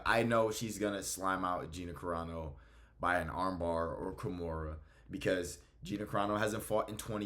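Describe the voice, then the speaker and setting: A man's voice: lowish voice, a bit bright. A young man hosting his own video channel, ranting bluntly and with heavy profanity. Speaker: MMA commentary YouTuber.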